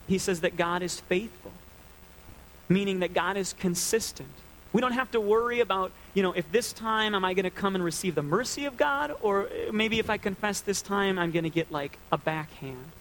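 A man's voice: sits high, fairly bright tone, a little hiss or hum, rough recording. A man preaching a sermon as a pastor, earnest and conversational.

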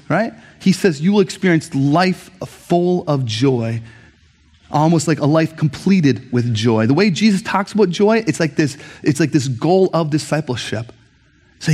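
A man preaching a sermon as pastor, conversational and animated, often checking in with the congregation with asides. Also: on the high side, measured pace, slightly rough.

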